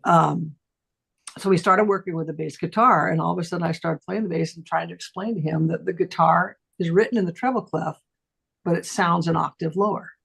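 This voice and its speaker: A middle-aged woman, a voice teacher, telling a casual story on a talk stream and acting out the voices of the people in it with big jumps in pitch. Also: fairly even intonation, fairly quick, creaky, a bit bright, breathy edge.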